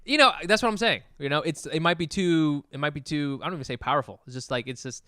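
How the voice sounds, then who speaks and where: A man's voice: on the high side, fast, pushed and bright, no room sound, clean studio sound. A man co-hosting a comedy podcast, joking casually, rambling through analogies and laughing often. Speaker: podcast co-host.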